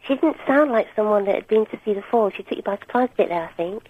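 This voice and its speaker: A woman's voice: medium pitch, animated, fast, breathy edge, dry recording. A woman calling in to a radio show who tells a chatty story hesitantly, with many ums. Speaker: caller. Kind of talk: phone-in call. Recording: tinny phone line.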